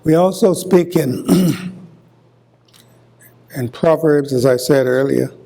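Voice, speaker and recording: An older man from Hilton Head Island with a Gullah accent, giving a university lecture deliberately and repeating example words as he explains. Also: fairly high pitch, gravelly, mellow. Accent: Gullah, coastal South Carolina. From Hilton Head Island, South Carolina. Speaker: guest lecturer.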